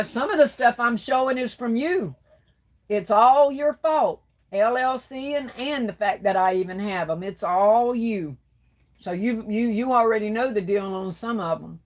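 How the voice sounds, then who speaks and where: A woman's voice: medium pitch, a little slow. A woman hosting a craft livestream, reading viewer comments aloud and chatting back with endearments like baby and darling. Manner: warm, affectionate, calls viewers baby and darling. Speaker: livestream host.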